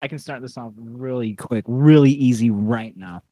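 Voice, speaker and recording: A man's voice: mid-range voice, normal speed, mellow, no room sound. A young man co-hosting a podcast in casual, profane chat while eating. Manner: profane, laid-back, eating while talking. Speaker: podcast co-host.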